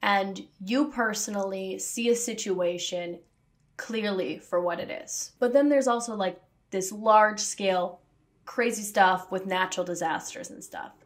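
A woman's voice: medium pitch, unhurried. A woman talking to camera in a casual, sassy way, with jokey asides. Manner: sassy, self-aware. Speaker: video essayist.

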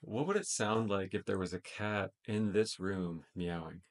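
A man's voice: sits low, fairly even intonation, unhurried. A man casually testing a voice assistant in a tech demo video, speaking loosely with frequent ums. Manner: casual, tentative, many fillers.

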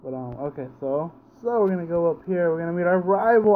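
A man's voice: high-pitched, animated, fairly quick, narrow, tinny audio. A man giving casual gameplay commentary, sleepy and yawning, groaning in frustration at misses and repeating himself. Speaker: let's play gamer. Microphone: home recording setup.

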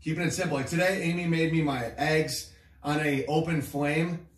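A man's voice: on the high side, fairly even intonation, normal speed, reverberant, distant mic. A man hosting a comedy show, riffing in a sarcastic, crude, rambling way. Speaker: comedian host.

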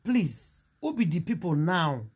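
A speaker with a Nigerian Pidgin accent chatting casually to viewers, chatty and lively with sighing asides. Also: mid-range voice, measured pace, husky. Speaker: commentator.

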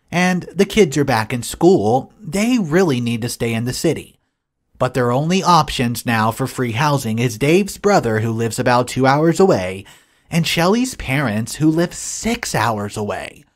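A storyteller reads an online forum post aloud, the pitch rising and falling a great deal from phrase to phrase. The voice sits in a middle register, and the telling is steady and matter-of-fact. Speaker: story narrator.

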